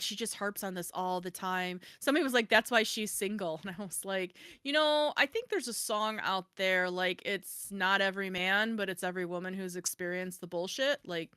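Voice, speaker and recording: A woman's voice: medium pitch, clean tone, no echo, studio quality. A woman hosting a podcast in casual chat, telling stories and acting out the people in them. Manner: animated storyteller, acts out quoted people. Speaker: podcast host.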